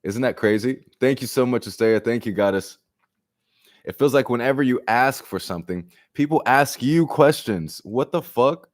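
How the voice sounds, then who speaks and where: A man giving a live-streamed collective tarot reading. He talks casually, jokes in slang and swears, and often swings his voice high and loud to act out little exchanges. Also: moderate pace. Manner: animated and profane, acts out exchanges with big jumps in pitch and loudness; slangy and joking. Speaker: tarot reader.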